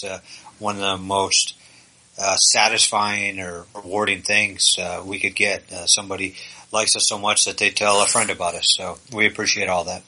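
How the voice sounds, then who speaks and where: A man co-hosting a podcast, telling absurd stories in a deadpan, joking way. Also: sits low, low-quality recording. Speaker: podcast co-host. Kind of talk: casual podcast chat.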